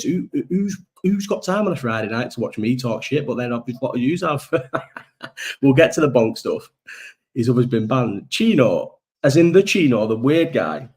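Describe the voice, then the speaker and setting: A man's voice: mid-range voice, darkish tone. Lad hosting a loose live chat, sweary and jokey, talking into his laptop mic. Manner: rambling, sweary, jokey banter. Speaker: livestream host. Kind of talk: casual live chat reading viewer comments. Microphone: laptop built-in microphone.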